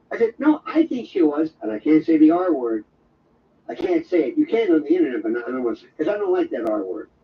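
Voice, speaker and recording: A man hosting an overnight radio talk show. He tells a wandering, jokey monologue and slips into quick impressions. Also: high voice, distant mic, dull audio, a little hiss or hum. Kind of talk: rambling comic monologue.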